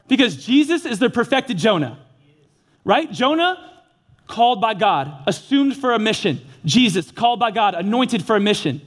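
A young man preaching a sermon, telling a story with lively acted-out dialogue. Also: high-pitched. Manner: animated storytelling, acts out dialogue. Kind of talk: energetic sermon.

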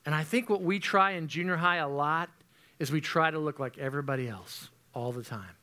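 A man in his forties preaching earnestly and conversationally to junior high students as their youth pastor. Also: a little fast, sharp tone. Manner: earnest, conversational, addresses the group as guys.

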